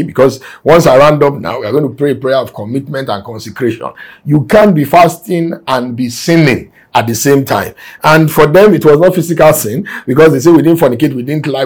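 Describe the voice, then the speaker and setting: A man's voice: medium pitch, fairly quick, husky. A man preaching a sermon to remote listeners, reading scripture aloud and explaining it, with emphatic exhortation. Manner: emphatic, rising to forceful exhortation. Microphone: broadcast to remote listeners.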